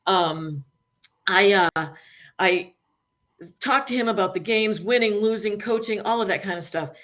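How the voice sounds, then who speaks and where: A woman guest on a talk show, telling a personal story in an emotional, animated way and acting out the people she quotes. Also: medium pitch, unhurried. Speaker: guest, dialysis industry worker. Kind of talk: casual podcast storytelling.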